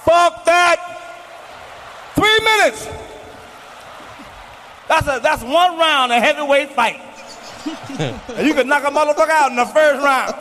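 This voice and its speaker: A man in his forties doing a profane, boastful stand-up routine on stage, shouting his punchlines. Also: very high voice. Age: 40s. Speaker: stand-up comedian. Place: comedy stage before a live audience. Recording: live hall recording with faint noise.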